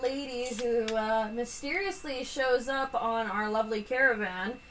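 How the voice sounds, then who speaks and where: A woman player chatting during a tabletop game, her voice high. She explains slowly and hesitantly. A faint hiss runs under the audio. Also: a bit bright, low-quality recording. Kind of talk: casual tabletop chat.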